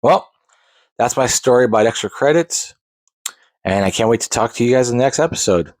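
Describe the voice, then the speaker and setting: A man's voice: mid-range voice, lively intonation, brisk, darkish tone, no room sound. A man in his forties telling a long personal story as a podcast host, rambling with restarts and side digressions. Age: 40s. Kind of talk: casual storytelling monologue.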